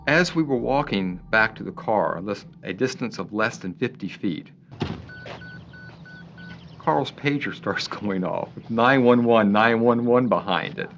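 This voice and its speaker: A man's voice: on the low side, animated, a little slow, creaky, fairly bright tone, soft background music. A man who worked as a police investigator, recounting the case in a conversational interview and acting out what people said. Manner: conversational, retelling with quoted voices and small laughs. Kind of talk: interview recollection.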